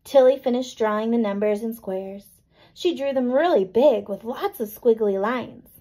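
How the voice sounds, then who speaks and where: A woman teacher reading a picture book to children, gently explaining and checking in with little questions. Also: a little high, normal speed, poor audio. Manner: gentle, checks in with "right?" and "okay?".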